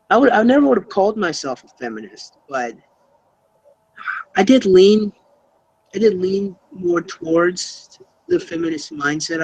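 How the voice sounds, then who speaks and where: A man's voice: high-pitched, slight background noise, low-quality recording. A young man answering interview questions casually, rambling with many fillers and restarts. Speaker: YouTuber being interviewed.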